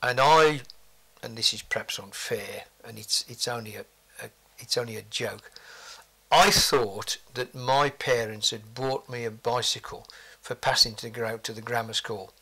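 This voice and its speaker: A man's voice: medium pitch, moderate pace, bright, forceful tone, slightly rough. An older man, reminiscing forthrightly in an interview with blunt asides.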